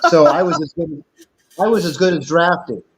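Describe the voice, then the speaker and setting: An older man appears as a guest storyteller, casually rambling through a long personal anecdote and acting out the other people in it through quoted dialogue. His voice is fairly high and gravelly, with wide pitch swings and a moderate pace.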